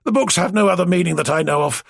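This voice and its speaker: A man's voice: sits high, quick pace, creaky, no echo, studio quality, voice pushed up, full character voice. A man doing a giggly, teasing older man. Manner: spluttering with barely held laughter.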